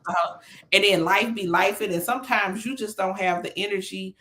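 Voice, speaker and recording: A woman's voice: mid-range voice, steady tone, moderate pace, bright, forceful tone. A woman co-hosting a casual podcast, telling stories in a laid-back, colloquial way. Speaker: podcast co-host. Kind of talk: casual chat.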